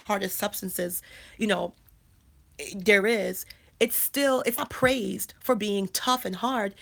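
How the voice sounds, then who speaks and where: Hosting a casual livestream, a life coach and channel host in her thirties speaks with a gravelly, mid-range voice. Her delivery is emphatic, full of repeated phrases and frequent restarts.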